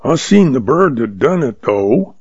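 A man reading a scornful, drawling cowhand in a western audiobook, with a gravelly voice. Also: mid-range voice, big pitch swings, unhurried, darkish tone, dry recording, highs cut off, pitched above the performer's own voice, full character voice. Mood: sneering. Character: surly sneering male cowhand, middle-aged.

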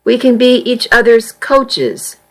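Uma mulher fazendo uma adolescente insegura mas decidida, que fala com seriedade e às vezes impaciência. A voz é um pouco aguda e o ritmo é vagaroso. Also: female voice, a little high, sing-song, slow pace, full character voice, low-quality recording. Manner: earnest, sometimes impatient. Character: insecure teenage girl, earnest and determined.

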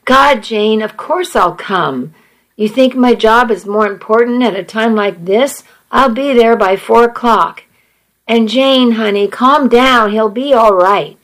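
A woman's voice: on the high side, measured pace, a bit bright. A woman reading a story, voicing a worried husband and father who sounds anxious. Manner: anxious, pleading.

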